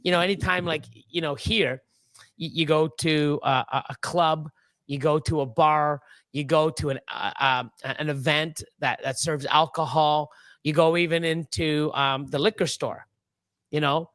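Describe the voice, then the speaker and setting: A man's voice: a little high, fairly even intonation, normal speed, a bit bright, no room sound, studio quality. A man in his fifties chatting casually as a livestream host, rambling and swearing, often laughing. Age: 50s. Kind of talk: casual chat.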